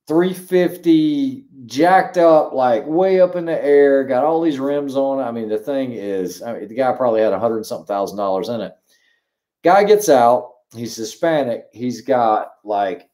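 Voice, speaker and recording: Man telling a story, lively and mellow. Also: medium pitch, moderate pace. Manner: animated storyteller, acts out dialogue. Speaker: show co-host. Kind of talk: casual chat, storytelling.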